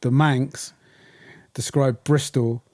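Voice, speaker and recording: A young man co-hosting a podcast in casual chat, laid-back, quick to laugh and swearing casually. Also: mid-range voice, fairly even intonation, a little mellow, dry recording, clean studio sound. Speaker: podcast co-host.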